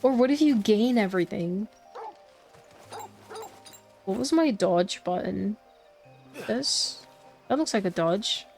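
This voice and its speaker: A woman's voice: medium pitch, animated, slow pace, gravelly, long pauses, darkish tone, faint music behind. A woman streamer giving casual, playful commentary while she plays, chatting to herself and laughing easily.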